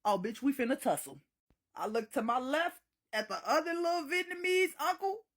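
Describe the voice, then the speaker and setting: A woman's voice: high-pitched, expressive, moderate pace. A woman telling a wild story in a casual, profane, dramatic way. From Chicago.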